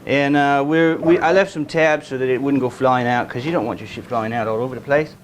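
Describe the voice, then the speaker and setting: A man's voice: medium pitch, a little fast, slight background noise, low-quality recording. Man rambling in a made-up accent. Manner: talks in a made-up silly accent; rambling, with frequent restarts and repeats. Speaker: guitar builder hosting a workshop channel. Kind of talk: casual workshop vlog. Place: woodworking shop.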